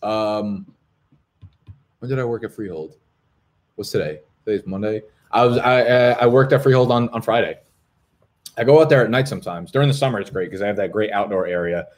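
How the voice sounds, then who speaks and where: A man's voice: fairly low pitch, a little fast, a little mellow. A man, hosting a live stream in profane, rambling casual chat. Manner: profane, rambling, swears constantly.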